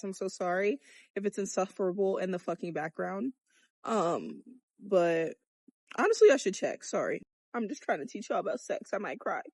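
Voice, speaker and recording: A young adult woman chats to her viewers in a candid vlog recorded outdoors. Her talk is blunt, profane and full of jokes, at a mid pitch, and the sound is dry with no room echo. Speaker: vlogger. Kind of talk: candid chatty sex-education vlog.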